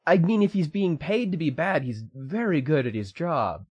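A man's voice: a little high, animated, normal speed, darkish tone, slightly rough, no echo. Young man chatting loosely on a podcast. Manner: loose, rambling, many fillers and restarts, swears casually. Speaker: podcast co-host. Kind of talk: casual chat.

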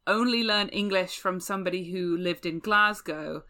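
A woman's voice: on the low side, normal speed, pushed and bright. A woman co-hosting a podcast in casual chat, making wry, exaggerated jokes from her own studio. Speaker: podcast co-host and editor. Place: own home recording studio.

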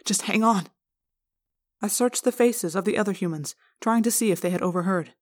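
Woman reading a story aloud, steady. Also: mid-range voice, fast talker. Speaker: audiobook reader. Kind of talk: first-person audiobook narration.

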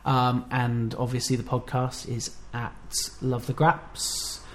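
Rambling, self-deprecating podcast host. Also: male voice, mid-range voice, flat delivery, takes it slowly, a little hiss or hum. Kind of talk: casual podcast chat.

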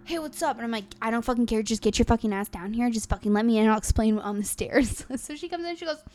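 A young woman with a high voice tells a long story in casual chat. She swears freely and laughs as she talks, keeping it loose and animated. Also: fast. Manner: animated, swears constantly, laughs while telling.

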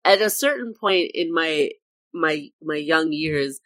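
A woman's voice: sits low, animated, slow, fairly bright tone, no echo. Giggly woman reading bad fan fiction. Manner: giggly, tries not to laugh while reading. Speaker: podcast co-host. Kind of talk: casual comedic chat, reading excerpts aloud.

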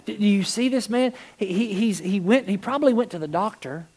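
A pastor preaching a sermon in a church service, animated, swinging from quiet emphasis to near-shouting and often repeating words to build a point. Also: medium pitch, a little fast.

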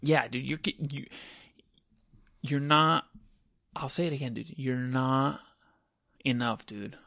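A man with a gravelly, fry-heavy voice holds forth in a blunt, profane rant, tacking "dude" onto nearly every phrase. His voice is at an ordinary pitch for a man. The sound is close and dry, with no room around it. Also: slow, pushed and bright, dry recording. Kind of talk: casual opinionated chat.

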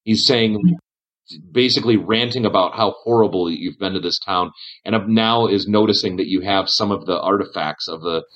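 Man game master, low voice, fillers while he narrates, dull lo-fi audio. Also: normal speed, fairly bright tone. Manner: describing scenes with frequent fillers.

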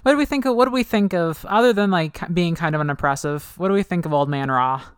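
A woman co-hosting a casual book chat, chatty and animated, laughing often. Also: on the low side, quick pace, smooth, dry recording, clean studio sound. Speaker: podcast co-host.

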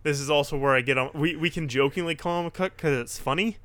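A man co-hosting a podcast, telling stories in an animated, casual chat. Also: fairly high pitch, quick pace, dry recording. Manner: animated, storytelling recaps. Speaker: podcast co-host. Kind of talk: casual chat recapping wrestling.

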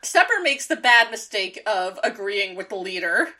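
A woman's voice: medium pitch, big pitch swings, moderate pace, bright, forceful tone. A woman co-hosting a casual recap chat with wry, joking commentary. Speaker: podcast co-host.

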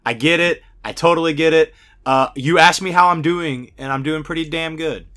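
A man's voice: a little high, normal speed, pushed and bright. A man co-hosting a podcast, chatting in a laid-back, easygoing way with a drawl. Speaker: podcast co-host. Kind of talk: casual podcast chat.

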